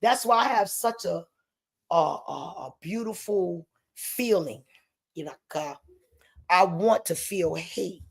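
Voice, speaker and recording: A woman from the United States, ranting heatedly to the camera at home and swearing freely, her voice rising into shouts. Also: on the low side, takes it slowly, vocal fry, husky. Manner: heated, profane, breaks into shouting. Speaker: vlogger. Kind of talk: angry direct-to-camera rant. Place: home in the Bronx.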